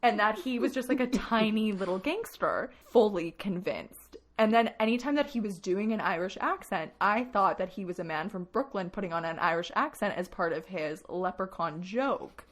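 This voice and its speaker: A young woman co-hosting a podcast, telling stories in a lively, laughing way during casual chat. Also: medium pitch, normal speed, few pauses. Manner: animated storyteller, laughs often. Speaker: podcast co-host.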